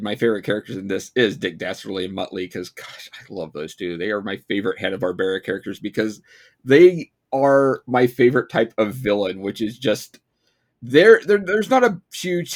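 Chatty man on a podcast. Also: medium pitch. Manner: chatty, halting with restarts and laughs. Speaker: podcast co-host. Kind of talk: casual podcast chat.

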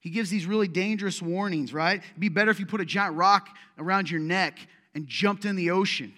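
A man preaches to his congregation in a loose, conversational style and teases the people in the pews. His voice sits high and sounds bright. A long echo from a church hall trails each phrase. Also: brisk. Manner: joking, teasing, conversational preaching. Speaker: pastor. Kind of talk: sermon. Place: church sanctuary.

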